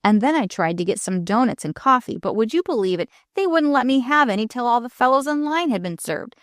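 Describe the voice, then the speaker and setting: A woman's voice: on the high side, animated, fairly quick, no room sound, voice pushed up, lightly acted. Woman doing a pushy wealthy young man, smug, dry close voice. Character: rich, bored young man, condescending and pushy.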